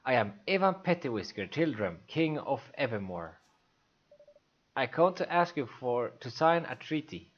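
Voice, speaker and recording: A man's voice: medium pitch, big pitch swings, a little slow, muffled recording. A man voicing a young boy king who makes overblown, theatrical love declarations. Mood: earnest. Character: young boy king playing a lovesick suitor.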